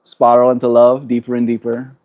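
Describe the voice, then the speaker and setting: A man with a South African accent chatting gently on a livestream, greeting viewers and laughing often. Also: medium pitch, monotone, brisk, dull audio. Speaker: livestreamer reading chat. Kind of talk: casual livestream chat.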